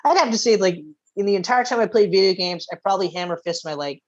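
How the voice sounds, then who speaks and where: A woman's voice: medium pitch, fast talker. Woman gaming podcaster, muffled audio. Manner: animated storyteller, swears casually. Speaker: podcast co-host. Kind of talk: casual gaming chat.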